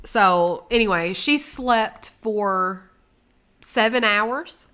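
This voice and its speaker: A woman co-hosting a casual chat, telling a story with lively acted-out quotes that rise in volume. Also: mid-range voice, extremely slow, clean tone. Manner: animated, acts out quotes with rising volume. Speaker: co-host.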